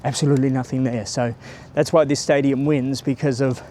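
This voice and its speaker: A man's voice: medium pitch, steady tone, brisk, mellow, slight background noise. A man giving a chatty, rambling walking-tour vlog outdoors by a stadium, filming on a handheld camera or phone and greeting passers-by. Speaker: travel vlogger.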